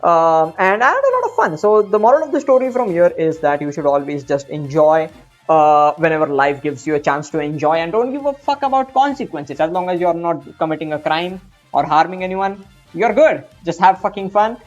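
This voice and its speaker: Young male gamer in his twenties, rambling and crude, with a lively, swinging voice; dull lo-fi sound and faint music behind him. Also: fairly high pitch, a little fast. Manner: rambling, profane, self-mocking. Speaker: gaming streamer. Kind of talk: casual storytelling over gameplay.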